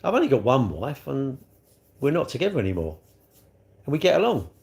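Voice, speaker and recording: A man's voice: mid-range voice, wildly swooping pitch, fairly quick, vocal fry, darkish tone. A middle-aged man, chatting casually on a livestream and answering viewer comments in a rambling way, full of tag questions.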